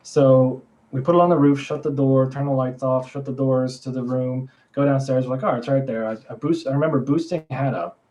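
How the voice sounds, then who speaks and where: A man's voice: mid-range voice, steady tone, fairly quick, few pauses, warm tone. Young man telling a story casually. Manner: rambling, full of "like" and self-corrections. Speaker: podcast co-host.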